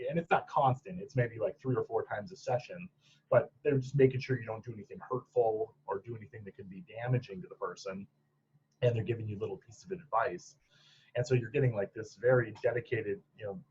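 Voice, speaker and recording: A man's voice: on the low side, a little mellow, lo-fi sound, a little hiss or hum. A man from Michigan's Upper Peninsula, a podcast guest talking casually about his clinical training, rambling with many restarts and laughs. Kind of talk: casual interview chat.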